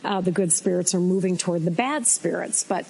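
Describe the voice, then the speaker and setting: An American woman co-hosting a faith talk show, teaching in a casual, folksy, animated way. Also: fairly low pitch, brisk, vocal fry, slight background noise, poor audio. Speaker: co-host teaching faith and personality types.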